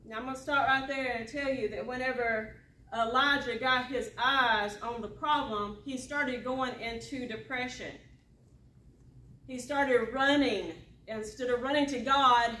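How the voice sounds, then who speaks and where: A woman, preaching a sermon that swings between emphatic rises and hushed, quiet passages. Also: on the high side. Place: church sanctuary. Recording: echoey church from a distance.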